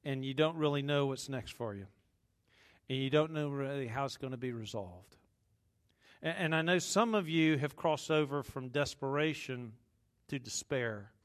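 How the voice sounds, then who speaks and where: A man preaching a sermon to a congregation, swinging between hushed, slow passages and loud, emphatic bursts, with jokes to the crowd. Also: mid-range voice. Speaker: pastor.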